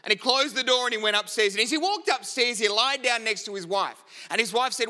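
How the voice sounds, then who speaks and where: A man's voice: sits high, fast talker, few pauses, sharp tone. A middle-aged man preaching a sermon, praying earnestly and then telling a joke to make his point. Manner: earnest, storytelling, self-deprecating. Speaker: pastor. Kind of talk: sermon with prayer and storytelling.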